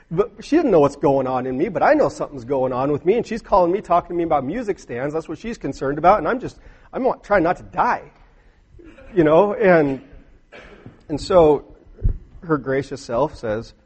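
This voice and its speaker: Husky-voiced man preaching a sermon. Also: mid-range voice, lively intonation, normal speed, long pauses, darkish tone, highs cut off. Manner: earnest, rising to emphatic bursts, storytelling asides.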